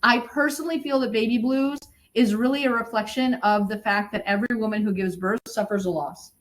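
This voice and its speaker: A middle-aged woman, a birth educator, explaining in lively conversation and sometimes acting out what new mothers say. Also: fairly high pitch, a little fast, poor audio. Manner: animated, acts out quoted moms.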